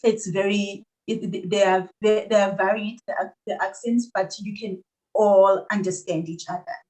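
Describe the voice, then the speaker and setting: A woman's voice: medium pitch, normal speed, rough recording. Chatty South African woman guest. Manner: animated, laughs often, many restarts. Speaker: podcast guest. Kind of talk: conversational interview.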